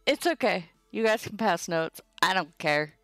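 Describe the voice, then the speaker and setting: Slow-talking, chatty woman teaching Latin. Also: mid-range voice, lively intonation, fairly bright tone, no echo, faint music behind. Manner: chatty and informal, with asides to chat. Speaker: Latin tutor streaming a live lesson. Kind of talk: casual livestream teaching.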